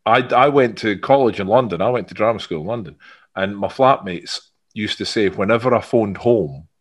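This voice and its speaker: A Scottish man hosting a podcast interview, jokey and quick to laugh in casual chat. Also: fairly low pitch, slightly rough. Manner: lively, jokey, laughs along. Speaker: podcast host.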